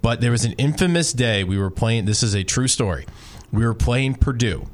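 A man hosting a live sports radio show, talking in a loose, chatty way. He tells stories and laughs easily. His pitch sits in the middle range. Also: animated, moderate pace. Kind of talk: casual radio talk, storytelling.

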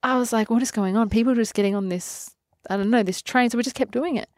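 A woman in her twenties from Adelaide with an Australian accent, a fitness trainer telling lively stories in an interview, acting out quotes and laughing often. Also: fairly high pitch, quick pace, no echo, clean studio sound. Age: 20s. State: pregnant. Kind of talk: casual interview.

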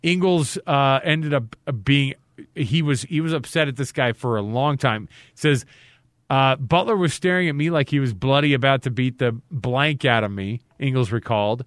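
A man's voice: mid-range voice, moderate pace, no room sound, studio quality. A man hosting a casual sports talk show, rambling a bit and retelling what players said. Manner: rambling, restarts and quotes players. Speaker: sports radio host.

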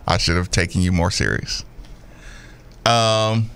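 A man's voice: deep voice, a little slow, gravelly, a bit bright, clear, resonant tone. A man co-hosting a podcast, bantering casually and teasingly, laughing often. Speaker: podcast co-host.

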